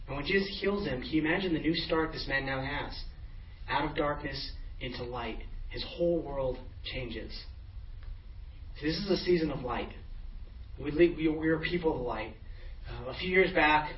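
A man's voice: a little high, a little hiss or hum. A man in middle age preaching a sermon as pastor, casual storytelling with frequent restarts. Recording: echoey, distant, dull room sound.

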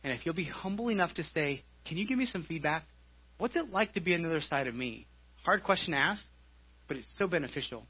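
Male pastor, live sermon; slightly raised pitch, breathy edge, muffled lo-fi recording, conversational delivery. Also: lively intonation, fast. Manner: conversational preaching with frequent "right?" and repeated words. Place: church service.

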